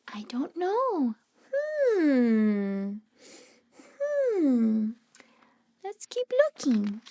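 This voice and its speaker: A woman speech therapist reading a picture book aloud to small children, gently animated and asking them questions as she goes. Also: high voice, no room sound, studio quality.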